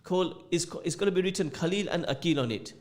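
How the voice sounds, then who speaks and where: A man's voice sits high as he hosts a radio show from a studio, animated and at a quick pace. Hailing from England with a mixed northern English and London accent, he chats casually, jokes, and repeats phrases while reading out listener messages.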